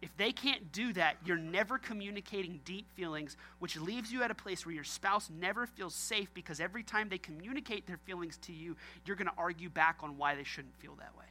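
A man's voice: high-pitched, fairly quick, hardly any pauses, sharp tone, slight background noise. A man preaching a sermon as pastor, joking and talking straight to his congregation.

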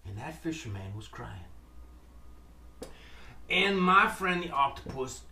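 Storyteller, a man with a dramatic delivery, swooping pitch; roomy room, away from the mic. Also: big pitch swings, normal speed, bright, forceful tone, far from the mic. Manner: dramatic, calls out to listeners. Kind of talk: telling a story to listeners.

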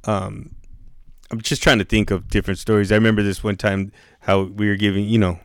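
A man's voice: lowish voice, flat delivery, brisk, smooth, dry recording. Profane storytelling man, dry close sound. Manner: profane, slangy, keeps saying bro; acts out quoted yelling in raised voice. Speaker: guest, youth camp director. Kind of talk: casual storytelling chat.

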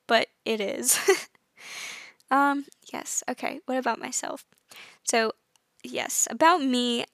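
A woman's voice: fairly high pitch, a bit bright, no echo, clean studio sound. A young woman hosting her own podcast, chatting casually and self-consciously, acting out small dialogues as she talks. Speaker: podcast host. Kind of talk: casual solo podcast chat.

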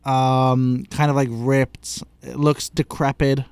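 A man's voice: medium pitch, flat delivery, slow pace, vocal fry, a little mellow, clean tone, dry recording. A man co-hosting a podcast, explaining things casually and stretching key words for emphasis. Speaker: podcast co-host.

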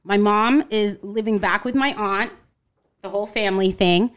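A woman in her thirties from Connecticut, USA, speaks at normal speed in a mid-range voice as a podcast guest in a casual interview. She tells her story animatedly, acting out what people said and often adding "you know" and "like."

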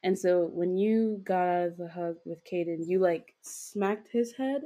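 A woman's voice: lowish voice, measured pace, dark tone. A young woman co-hosting a podcast, retelling a dream in a rambling, giggly way with lots of fillers and casual swearing. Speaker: podcast co-host.

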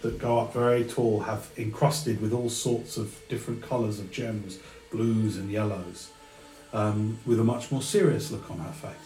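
A man narrating a tabletop game as game master, slow and descriptive, sometimes stopping to find a word. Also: lowish voice, fairly even intonation, warm tone, roomy sound, soft background music, rough recording.

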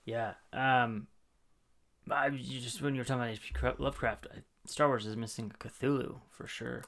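A man's voice: medium pitch, fairly even intonation, normal speed, vocal fry, fairly bright tone. A man co-hosting a podcast, chatting casually and enthusiastically, joking and laughing easily. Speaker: podcast co-host. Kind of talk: casual fan podcast chat.

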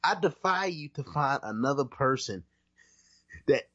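A man's voice: mid-range voice, expressive, a little slow, fairly bright tone, dry recording, dull audio. A man co-hosting a podcast in casual chat, talking emphatically and restarting his sentences often. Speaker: podcast co-host.

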